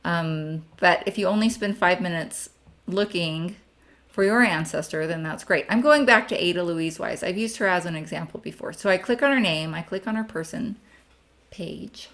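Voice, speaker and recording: A young adult woman with a slightly low voice walks viewers through a screen-share tutorial. She talks in a chatty, friendly way, dropping in frequent ums as she teaches family history research. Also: normal speed, a bit bright.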